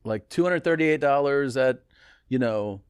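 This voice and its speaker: A man's voice: medium pitch, unhurried, clear, resonant tone, no room sound, studio quality. A man in casual podcast chat, telling stories and acting out the people he quotes. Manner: animated storyteller, acts out quoted texts.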